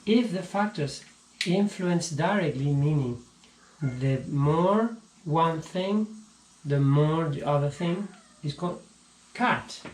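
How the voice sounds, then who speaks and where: A man teaching a casual physics lesson, halting and repeating words as he explains, recorded on an action camera at home. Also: fairly high pitch, animated, a little hiss or hum. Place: home room. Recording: echoey room with faint ambience.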